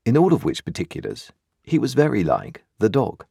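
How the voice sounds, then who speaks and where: A man reading a classic novel aloud as narrator, in measured, expressive storytelling. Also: medium pitch, creaky, breathy edge, dry recording, clean studio sound. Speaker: audiobook reader.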